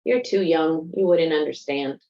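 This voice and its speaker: Stubborn elderly grandmother, read by a woman; low, reproachful, muffled recording. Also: measured pace, mellow. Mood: wistful. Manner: reproachful, heavy with complaint. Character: stubborn elderly immigrant grandmother, gloomy and nostalgic.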